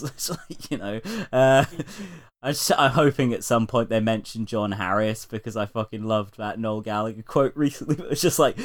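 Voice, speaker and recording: A man co-hosting a casual podcast, speaking at an ordinary middle pitch. He swears freely and laughs often as he recounts things, his delivery loose and animated. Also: normal speed. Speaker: podcast co-host. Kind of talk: casual chat.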